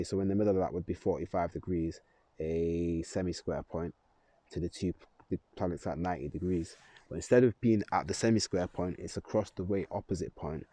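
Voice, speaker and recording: A man with a low, mellow voice rambles loosely through an astrology vlog, chuckling and correcting himself as he talks to the camera casually.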